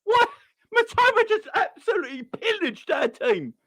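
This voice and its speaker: A football fan rants in a high, sharply bright voice, swinging wildly up and down. The sound is close and dry, with no room around it. The talk is sweary, sarcastic and fed up. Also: very animated, normal speed, vocal fry, no room sound. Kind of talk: angry fan rant.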